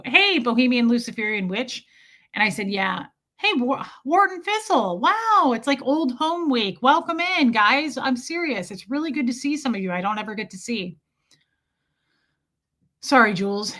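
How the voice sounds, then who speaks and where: A woman's voice: mid-range voice, pushed and bright. A woman hosting a casual livestream, telling a rambling story and often breaking off to greet viewers in the chat. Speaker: content creator hosting a livestream.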